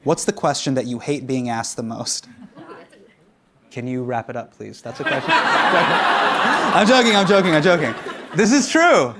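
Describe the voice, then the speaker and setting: A man's voice: a little high, measured pace, a crowd in the background. A man hosting a comedy show, answering audience questions on stage with lots of laughter and acted-out quotes. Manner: animated, laughing, acts out quotes. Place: studio stage before a live audience. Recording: loud audience and background noise.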